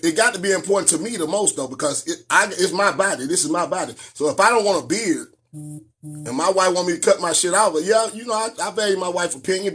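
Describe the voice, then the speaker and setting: Animated preachy man ranting on a live stream. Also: sits high, slight background noise. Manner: animated, preachy, profane, sing-song outbursts.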